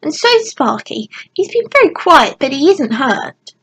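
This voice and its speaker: A woman's voice: sits high, big pitch swings, a little slow, pitched above the performer's own voice. A cheerful young girl, read by a woman. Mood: reassuring.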